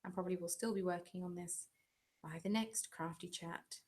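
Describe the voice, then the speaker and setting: A woman's voice: fairly low pitch, fairly even intonation, normal speed. A woman from England hosting a casual live-stream chat at home, answering viewer comments in a chatty, self-deprecating way. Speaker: craft channel host.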